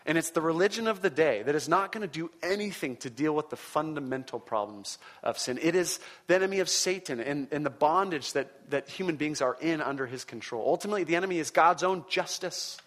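A man's voice: a little high, animated, fairly quick, hardly any pauses, a bit bright. A man preaching a sermon in a conversational, emphatic way, often chuckling between points. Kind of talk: sermon teaching.

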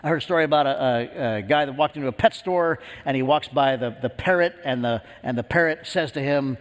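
A man's voice: a little high, fast talker, few pauses, fairly bright tone, big-room sound. A man preaching a sermon, earnest and storytelling, with frequent restarts. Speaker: pastor.

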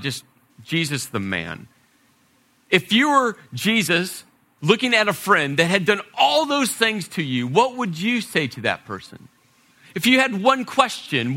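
A male pastor preaching a sermon, dramatic, shifting between loud and hushed passages and acting out quotes. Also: on the high side.

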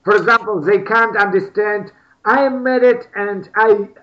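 A man's voice: sits high, fairly even intonation, normal speed, muffled recording. Hesitant man. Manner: hesitant, many fillers and repeated words. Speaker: English teacher asking a question.

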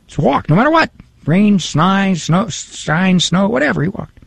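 Gravelly, animated radio talk host. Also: male voice, sits high, unhurried, dry recording. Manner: chatty, self-deprecating, reads listener emails aloud. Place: radio studio.

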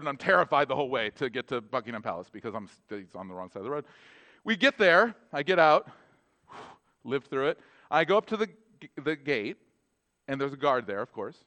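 A man's voice: on the high side, fairly bright tone, no echo. A man preaching a casual, conversational sermon as a pastor, full of asides and laughing at his own jokes.

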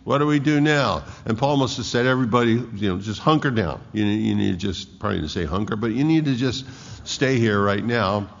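A man preaching a sermon, reading scripture aloud and explaining it with slow emphasis and frequent restarts. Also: lowish voice, vocal fry. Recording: echoey hall, dull lo-fi sound.

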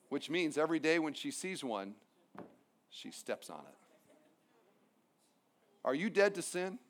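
High-pitched male pastor preaching emphatically. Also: animated, moderate pace, long pauses, a faint crowd, slight background noise. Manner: emphatic preaching with humorous asides. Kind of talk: sermon.

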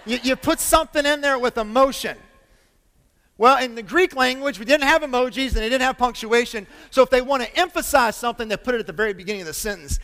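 High-voiced preacher in a reverberant church. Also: male voice, fast talker. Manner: animated, emphatic preaching with call-outs to the congregation. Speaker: pastor. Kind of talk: sermon. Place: church sanctuary with congregation. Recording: long hall reverb.

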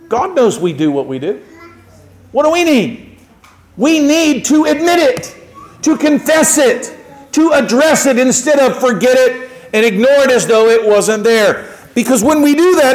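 High-voiced man preaching a sermon. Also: expressive, a little slow, low-quality recording. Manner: conversational, acts out little quoted exchanges. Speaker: pastor.

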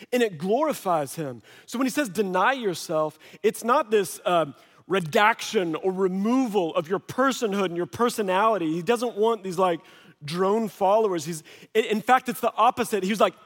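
A male pastor preaching a sermon in a church, in a passionate, conversational way with lots of casual fillers. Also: sits high. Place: church sanctuary. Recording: reverberant hall sound.

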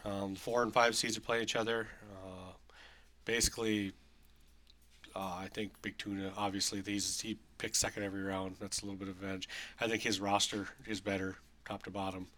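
Low-pitched man, bright tone, laid-back podcast co-host, casual banter. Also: little pitch movement, a little fast. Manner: laid-back, reads listener emails aloud. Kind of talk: casual comedic sports chat.

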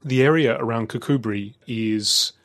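A man's voice: medium pitch, measured pace, a bit bright. Rambling man telling a travel story. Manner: rambling, many fillers and restarts. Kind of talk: casual chat.

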